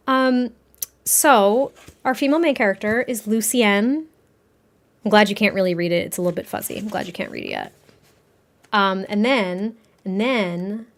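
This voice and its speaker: A young woman from New England, a streamer and author, chatting excitedly and casually on a livestream, reading chat aloud and swearing now and then. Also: a little high, a little fast.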